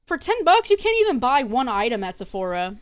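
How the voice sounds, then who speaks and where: A woman's voice: a little high, big pitch swings, fairly quick. A young woman streamer chatting casually and gossiping, swearing freely as she talks. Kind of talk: casual live-stream chat.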